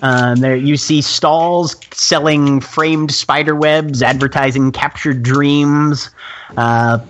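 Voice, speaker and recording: A man narrating a tabletop role-playing game as game master, descriptive and unhurried, with small filler pauses. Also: on the high side, fairly even intonation, a bit bright, highs cut off, slight background noise.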